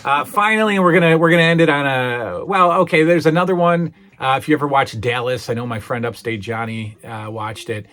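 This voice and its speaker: Speaking at a brisk clip with few pauses, a middle-aged man in a medium-pitched, slightly bright voice hosts his own channel. He chats casually and hesitantly about memorable TV moments, stumbling through fillers and restarts with a touch of emotion, and gets worked up when retelling scenes.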